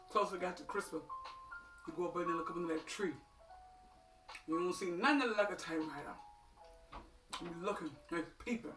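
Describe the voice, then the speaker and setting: Middle-aged woman telling funny stories, folksy, bright voice, echoey room with faint music. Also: on the low side, recorded from a distance. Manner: animated, folksy, calls listeners honey and child. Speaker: storyteller. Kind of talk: comic storytelling.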